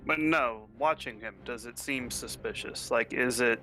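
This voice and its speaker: A man's voice: medium pitch, a little slow, pushed and bright, faint music behind. A man playing in a tabletop game, chatting casually and laughing easily. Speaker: player.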